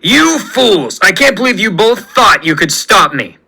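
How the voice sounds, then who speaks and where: A man's voice: high voice, very animated, unhurried, creaky, bright, forceful tone, breathy edge, full character voice, low-quality recording. A man voicing a gloating, villainous male president in a menacing, sneering manner.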